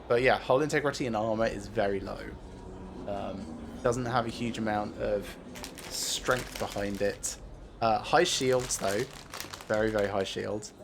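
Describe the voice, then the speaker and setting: A man talks through a strategy game as he streams it, mid-pitched and unhurried. He thinks aloud, stopping often on "uh" and "um" as he weighs each option. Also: background noise. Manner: thinks aloud with many filler pauses. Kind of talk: casual gameplay commentary.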